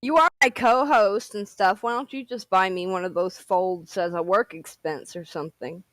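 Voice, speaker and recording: A woman's voice: medium pitch, moderate pace, fairly bright tone, dry recording. A young woman co-hosting a casual chat, playful and chatty with lots of 'like'. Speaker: co-host.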